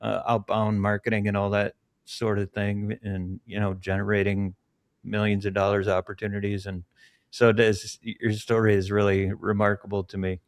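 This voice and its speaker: Male host, lowish voice, dry close sound, encouraging. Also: little pitch movement, moderate pace, no room sound. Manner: friendly, encouraging, with fillers. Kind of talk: casual interview.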